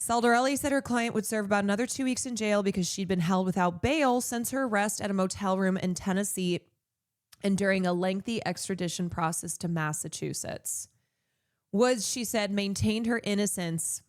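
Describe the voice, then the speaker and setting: A woman's voice: medium pitch, normal speed. Woman, streamer, casual news commentary, reads aloud, indignant profane asides.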